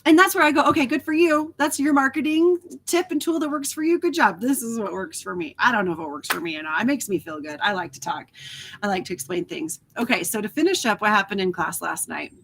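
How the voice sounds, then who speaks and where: A woman hosting a casual spiritual talk who talks in an animated way, swears freely and acts out inner voices. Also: fairly high pitch, fast, slight background noise. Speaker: host.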